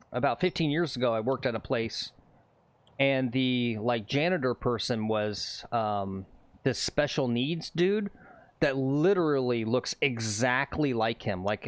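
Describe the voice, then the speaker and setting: A man's voice: medium pitch, dry recording. A man hosting a casual golf livestream, rambling and reading viewer comments aloud. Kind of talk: casual live-stream chat. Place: outdoors on a golf course.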